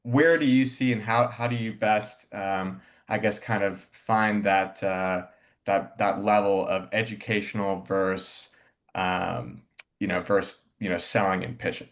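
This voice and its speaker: A man with a lowish voice speaking on a sales conference panel. He works his way through a question haltingly, restarting often and leaning on fillers. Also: fairly even intonation.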